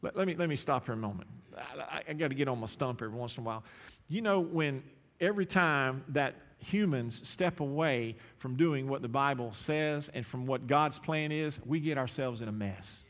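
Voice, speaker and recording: A man preaching a sermon, impassioned, repeating words and swinging from quiet asides to raised exclamations. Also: fairly high pitch, brisk. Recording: long hall reverb.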